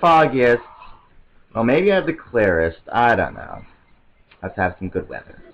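Rambling, excitable man commentating a game. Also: mid-range voice, a little slow, vocal fry, highs cut off. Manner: excitable, rambling self-talk with frequent stammered restarts. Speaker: let's play commentator. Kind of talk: casual gameplay commentary.

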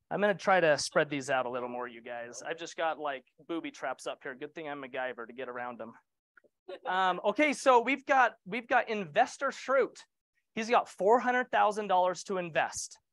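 A man's voice: fairly high pitch, lively intonation, normal speed, fairly bright tone, dry recording. A middle-aged man leading a real estate training session, casual and joking, asking the group questions.

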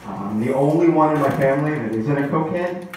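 Echoey stand-up comedian, wry delivery. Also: male voice, on the high side, expressive, fairly quick, a little mellow, slight background noise. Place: comedy club stage. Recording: echoey club mic heard from far off.

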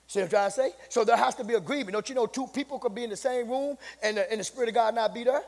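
Male pastor, high voice, in a hall that climbs to shouting. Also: racing, few pauses. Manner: builds to shouting, repeats "my God" often. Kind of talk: sermon. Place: church sanctuary. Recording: long hall reverb.

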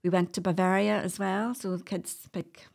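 A middle-aged doula with a Northern Irish accent chats as a guest on a casual podcast, spinning stories and laughing frequently. She speaks at normal speed in a medium pitch with little pitch movement, some vocal fry and a slightly mellow quality.

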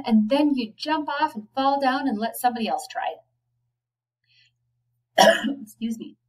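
A woman, a teacher, reading a children's novel aloud, giving the children's lines a lively lift. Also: on the high side, far from the mic, rough recording. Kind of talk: storybook read-aloud.

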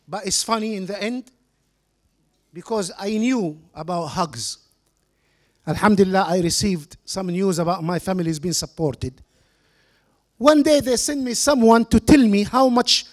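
High-voiced man giving an earnest charity speech. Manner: sprinkles religious phrases, earnest and persuasive; non-native English grammar. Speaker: speaker at a charity fundraiser. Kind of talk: public speech with storytelling.

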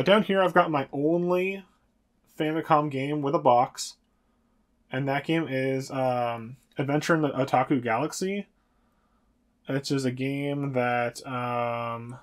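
A man at an everyday middle pitch gives a relaxed tour of his game collection. He rambles along, pausing on fillers and correcting himself as he goes. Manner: rambling, hesitant with many fillers. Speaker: retro game collector and channel host. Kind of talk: casual video tour.

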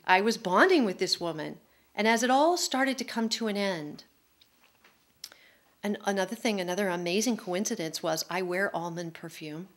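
A middle-aged woman, an author, telling an emotional personal story at a public talk in a candid, quick-flowing way. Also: medium pitch, expressive. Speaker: author speaking at a public forum.

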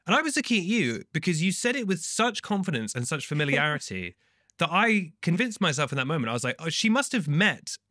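A man co-hosting a casual chat podcast, playful and quick to act out moments. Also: fairly high pitch, no echo, studio quality. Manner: playful, animated, mimics others in bursts. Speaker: podcast co-host.

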